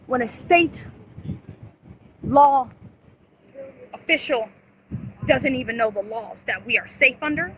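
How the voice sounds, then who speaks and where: In a rough recording with slight background noise, a woman with a slightly high, fairly bright voice pleads urgently on a live phone stream. She's a mother outside next to a car, agitated and pushing her kids to speak up.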